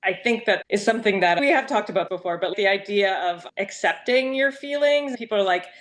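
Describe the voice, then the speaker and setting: A woman's voice: medium pitch, animated, fairly quick. A woman co-hosting a podcast, talking thoughtfully in a loose, conversational way, often adding "right?". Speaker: podcast co-host. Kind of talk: casual conversational chat.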